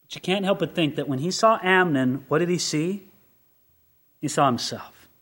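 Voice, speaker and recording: A man preaching a sermon as pastor, animated and full of rhetorical questions, swelling to emphatic peaks. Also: fairly high pitch, normal speed. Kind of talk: expository sermon.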